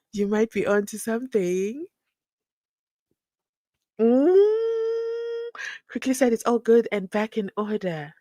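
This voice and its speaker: A woman's voice: mid-range voice, dry recording. Woman, live stream host, chatty, laughs a lot, dry close sound. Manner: chatty, reads viewer comments aloud, laughs often. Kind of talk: casual live stream commentary.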